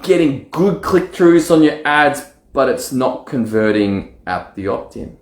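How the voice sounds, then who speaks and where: A man coaching on online marketing, talking straight to camera in a casual, animated way and acting out his own excited inner voice. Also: medium pitch, normal speed, few pauses, reverberant. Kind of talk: casual direct-to-camera talk.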